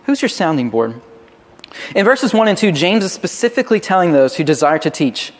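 A man's voice: sits high, very animated, a little fast, long reverb tail. A man preaching a sermon as pastor, earnest and often repeating words as he starts a phrase.

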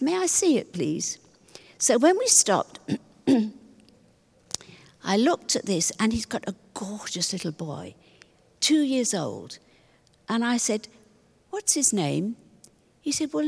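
An older woman telling a personal story to the congregation in a chatty, animated way, acting out what others said. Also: on the high side, gravelly, breathy edge. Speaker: congregation member sharing a testimony. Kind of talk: personal story told in church. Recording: church hall with long reverb.

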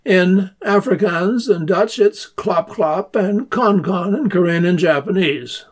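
Male community radio host, higher voice, slow scripted storytelling with playful joke voices. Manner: unhurried storytelling, reading jokes aloud in playful voices. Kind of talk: scripted radio segment narration.

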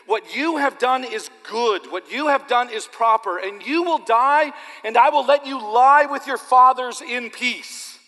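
A pastor quoting God speaking to a king in a slow, raised, measured voice. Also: very high-pitched, bright, forceful tone, big-room sound, voice pushed up, heavily acted. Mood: solemn.

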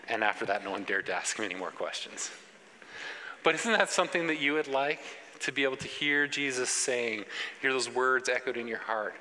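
A man's voice: medium pitch, a little fast, bright, forceful tone. A man preaching a sermon to young people, earnest and explanatory, often repeating words and restarting his sentences. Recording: long echo, faint background noise.

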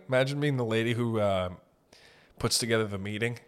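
A man's voice: on the low side, a little fast, clear, resonant tone. A man from Northern Ontario hosting a podcast, telling profane, rambling comic stories. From Northern Ontario, Canada. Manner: profane, rambling, animated anecdotes. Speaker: podcast host. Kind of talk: comedic storytelling chat.

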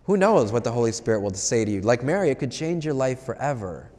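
A man's voice: mid-range voice, sing-song, quick pace, mellow. A male priest giving a conversational homily, putting questions to the congregation. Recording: long hall reverb.

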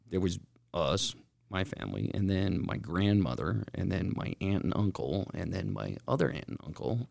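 A man co-hosting a podcast, telling rambling stories in an excitable, casual way. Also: low voice, vocal fry, no room sound, studio quality. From Utah, Salt Lake Valley. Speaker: podcast co-host.

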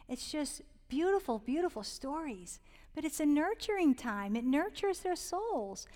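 A woman's voice: high-pitched, darkish tone, in a large hall. Earnest woman sharing parenting faith. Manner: earnest and heartfelt, drops to a whisper on tender points; rambling, many fillers and restarts. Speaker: Christian parenting speaker. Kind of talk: casual devotional talk on parenting.

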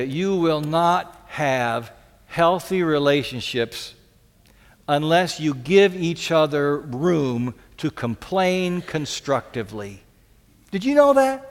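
A pastor with a high voice delivers an earnest sermon, fond of repeating his key lines and occasionally softening into a pleading tone. The long reverb of a large hall rings around his words.

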